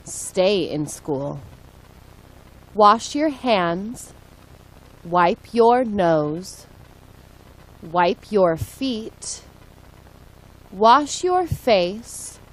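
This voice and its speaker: Woman reading simple lines really slowly, one at a time, for learners. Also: medium pitch, animated, low-quality recording. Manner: slow, deliberate, one short sentence at a time. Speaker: English listening reader. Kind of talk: slow read-aloud for learners.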